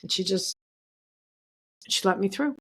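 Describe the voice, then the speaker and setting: A woman's voice: medium pitch, animated, unhurried, a bit bright, breathy edge. A woman animal communicator telling stories in a casual video-call chat, laughing often.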